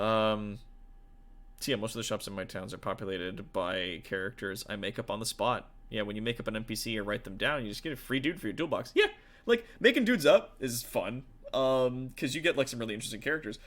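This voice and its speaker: A man's voice: on the low side, animated, brisk, fairly bright tone. A man, a tabletop game master and streamer, chatting casually with viewers in a rambling, profane way full of fillers.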